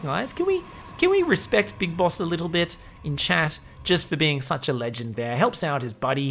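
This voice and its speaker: Brief: a joking, foul-mouthed male game caster with a bright tone. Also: on the high side. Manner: profane, joking, sarcastic. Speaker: game commentator. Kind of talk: comedic game commentary.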